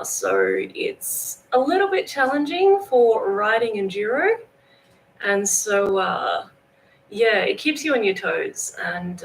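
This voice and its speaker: This livestream host, an Australian woman at home in northern Thailand, chats casually and welcomes viewers by name. Her voice sits at a medium pitch with a creaky texture, and the poor-quality audio has a slight hiss or hum.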